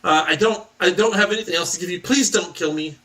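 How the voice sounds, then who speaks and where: A man's voice: sits high, fast, pushed and bright, distant mic, slight background noise, poor audio. A man voicing a frightened, captured orc who pleads and stammers. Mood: pleading.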